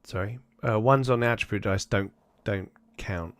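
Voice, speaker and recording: A man's voice: fairly low pitch, normal speed, no echo. A man running a tabletop game as game master, narrating loosely and acting out side characters as he goes.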